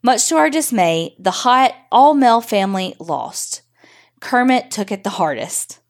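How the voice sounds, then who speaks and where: A woman's voice: on the high side, lively intonation, unhurried. A woman podcast host reading a listener's story aloud in a wry, profane, conversational way.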